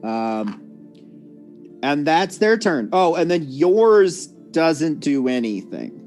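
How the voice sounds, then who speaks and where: A man running a tabletop game as dungeon master, casual and full of fillers, quick to laugh. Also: on the high side, big pitch swings, darkish tone, faint music behind.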